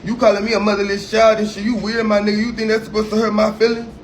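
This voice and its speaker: A taunting, sassy voice with a put-on New Orleans drawl, as a man mocks a rival while livestreaming. It sits high and keeps leaning on pet names, as if needling someone on purpose. A faint hiss hangs behind it. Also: completely flat delivery, quick pace, close to an everyday voice.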